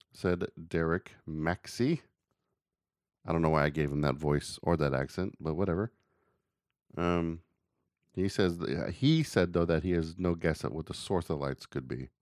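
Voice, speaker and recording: Male podcast host, very low voice, rambling and jokey delivery. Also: a little mellow, dry recording, studio quality. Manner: rambling, joking. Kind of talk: casual podcast chat.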